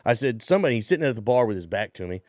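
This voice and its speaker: Speaking rapid-fire in a voice on the low side, a stand-up comedian on a podcast spins an animated story, doing voices for the characters and cursing freely in casual chat. The studio sound is clean, with no room sound.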